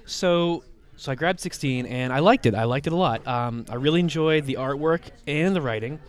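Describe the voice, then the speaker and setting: A man with a slightly higher voice who is fighting off a mild cold. He retells a comic book in loose, rambling chat, with plenty of "like" and "um" and restarts. It sounds like a relaxed podcast co-host talking with a friend. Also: moderate pace. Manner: rambling, many fillers and restarts.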